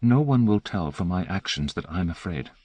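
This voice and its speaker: A man's voice: deep voice, animated, normal speed, a little mellow, breathy edge, dry recording. A man voicing a fierce, frightened woman scientist who talks in an intense hissing whisper. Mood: defiant.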